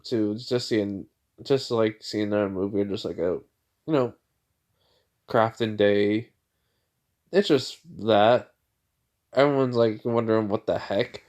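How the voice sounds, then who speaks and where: A man's voice: on the low side, measured pace, pauses often, a little mellow. A man casually retelling a fan story in a rambling way, full of filler words.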